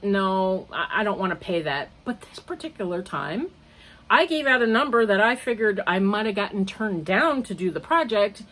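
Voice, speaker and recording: A woman's voice: mid-range voice, a bit bright. An older woman hosting a crochet podcast, chatting casually in a rambling, digressive way and often laughing at herself. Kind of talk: casual chat.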